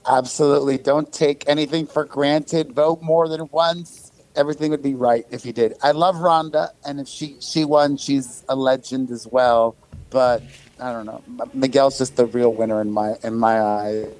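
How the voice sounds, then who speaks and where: A man's voice: medium pitch, steady tone, moderate pace, darkish tone, low-quality recording. A man speaking as a podcast guest in casual, earnest chat.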